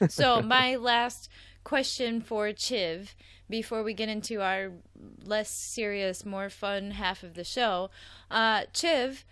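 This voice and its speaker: A woman's voice: medium pitch, takes it slowly, sharp tone, clean tone, dry recording. A young woman hosting a gaming podcast. She is chatty and laughs easily, and her voice sits close and dry. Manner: giggly, chatty. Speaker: podcast host. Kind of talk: casual gaming podcast chat.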